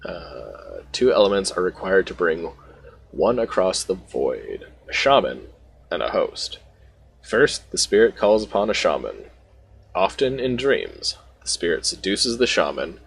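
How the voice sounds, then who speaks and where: Guy reading a sly know-it-all elf, low gravelly voice. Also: heavily acted. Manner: reads game dialogue aloud without doing a voice. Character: witty, knowing painted elf lecturer.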